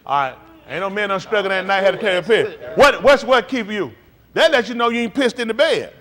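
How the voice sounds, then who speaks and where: A man's voice: high voice, a little fast. A man preaching a live-streamed sermon in an emphatic, conversational style, drawing call-and-response from his congregation. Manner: animated, swings between quiet and loud.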